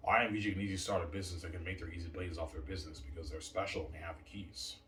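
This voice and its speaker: A man's voice: sits low, steady tone, very fast, a bit bright. A man rambling and boasting in a repetitive monologue, recorded in a roomy space far from the mic. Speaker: vlogger. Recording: roomy, distant from mic, faint noise.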